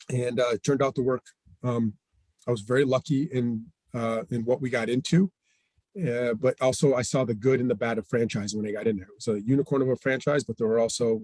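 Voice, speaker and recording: A man's voice: medium pitch, no room sound. Middle-aged man telling a story, dry sound. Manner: animated, acts out quoted dialogue. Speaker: franchise owner guest. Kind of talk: storytelling interview chat.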